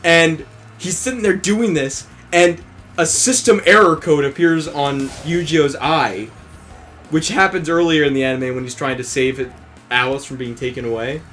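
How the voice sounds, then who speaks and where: A man's voice: fairly high pitch, normal speed, faint music behind. A man casually retelling an anime episode while playing a game, cursing freely and acting out what the characters say. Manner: profane, animated retelling, acting out quoted characters. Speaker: let's play co-host. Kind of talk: casual gaming commentary chat.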